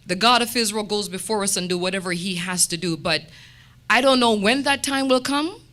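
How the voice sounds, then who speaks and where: Woman, church testimony, animated storytelling, bright tense voice. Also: medium pitch, a little fast. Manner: animated storytelling with quoted dialogue. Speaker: congregant sharing testimony.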